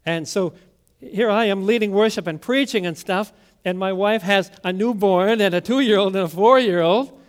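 High-voiced pastor preaching in hushed swells. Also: male voice, normal speed, clear, resonant tone. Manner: storytelling preacher, drops to a hushed voice on key words. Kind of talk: sermon.

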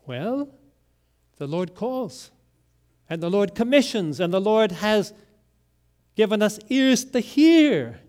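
Male pastor, sermon delivery, high voice, unhurried, dramatic loud-to-hushed swings. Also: smooth. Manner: deliberate, with dramatic swings between loud emphasis and near-whispered lines.

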